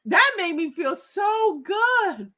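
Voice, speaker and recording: Her pitch is extremely high with big swings, and she takes things slowly, her tone pushed and bright. She's a livestream book club host, joyfully giddy and tearful, laughing as she reads viewers' comments aloud.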